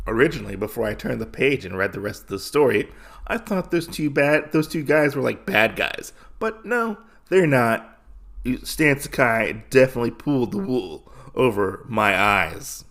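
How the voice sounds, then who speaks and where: A man's voice: medium pitch, expressive, moderate pace, gravelly, a bit bright. A man hosting a podcast, casually recapping a comic story with lots of fillers and restarts. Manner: rambling, filler-heavy storytelling. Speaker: podcast host.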